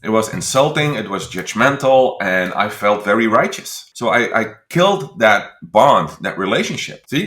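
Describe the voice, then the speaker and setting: A man's voice: medium pitch, fairly bright tone, roomy sound. A man from the Netherlands with a Dutch accent, a guest consultant telling a story on a podcast and acting out his past thoughts.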